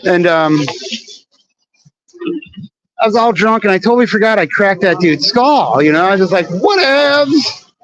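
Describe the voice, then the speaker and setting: A high-voiced man tells a rambling story in a loose, slangy vlog, swearing freely and stumbling over "um" and "uh" as he goes. He is walking outside on city streets near a train station. The sound is dull and lo-fi. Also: normal speed, pauses often, fairly bright tone. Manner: rambling, profane, slangy retelling with many fillers.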